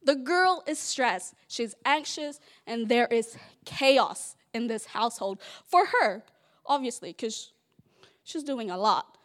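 A woman's voice: on the high side, animated, takes it slowly. A woman giving a casual, chatty Bible study talk, playful and full of "like" fillers.

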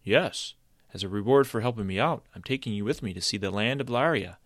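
A man's voice: on the low side, a little fast, fairly bright tone, dry recording, clean studio sound, lightly acted. A man playing a commanding old stump wizard. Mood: confident.

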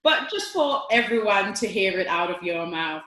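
A woman interviewer asks questions and cheers her guest on in a friendly, relaxed way. Her voice is bright and mid-pitched, and the room around her adds a noticeable echo. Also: moderate pace. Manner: friendly, encouraging prompts. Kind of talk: casual interview chat.

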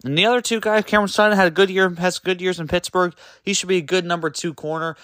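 A man hosting his own sports podcast, ranting in an exasperated, emphatic way, full of rhetorical questions and quick self-corrections. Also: sits high, fairly even intonation, fairly bright tone, no echo, clean studio sound. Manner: loose and rambling, trips over words and self-corrects. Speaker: podcast host. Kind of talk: solo sports podcast rant.

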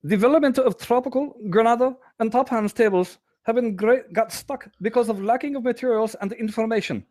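A man voicing a male game developer in a mock German accent, reading answers in halting broken English. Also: extremely high pitch, a little mellow, pitched above the performer's own voice. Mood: earnest.

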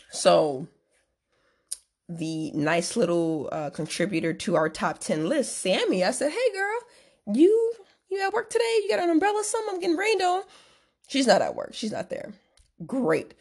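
A woman host telling a story casually, animated and full of swearing, acting out what people said. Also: medium pitch, slightly rough. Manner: profane, animated, acts out quotes.

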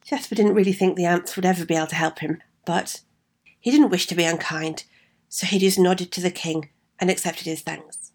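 Woman storyteller, fairy tale, chatty asides, lowish voice. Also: steady tone, normal speed. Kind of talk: fairy tale read aloud.

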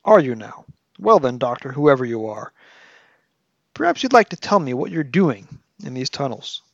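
A man voicing a crisp, precise army colonel. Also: mid-range voice, big pitch swings, normal speed, dry recording, muffled recording. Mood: amused. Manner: crisp, clipped military speech.

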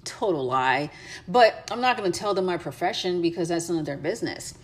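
A woman's voice: fairly low pitch, expressive, brisk, slight background noise. An American woman giving travel tips in a casual, chatty way, with many fillers and restarts. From United States. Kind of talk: casual advice chat.

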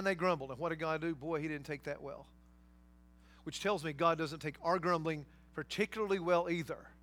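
A man's voice: fairly high pitch, fairly bright tone. A man preaching a sermon, emphatic, with rhetorical questions and casual asides to his congregation. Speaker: pastor.

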